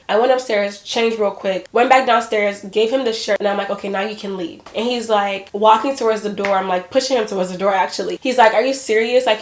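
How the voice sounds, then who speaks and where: A woman in her twenties chatting casually to her viewers, telling a personal story in an animated way. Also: medium pitch, roomy sound. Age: 20s. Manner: animated, addresses viewers as y'all and girl. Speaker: vlogger.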